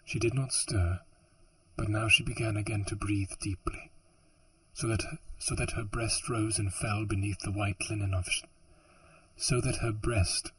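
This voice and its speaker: A fantasy audiobook narrator with a somewhat low, breathy male voice keeps tripping over lines, starting them again, and cracking jokes to himself between passages. These are rambling outtakes, and the dry, low-quality recording sounds poor.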